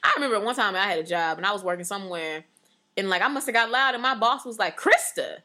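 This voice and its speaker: A woman in casual, animated chat, trailing off and restarting as she talks. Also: mid-range voice, fast.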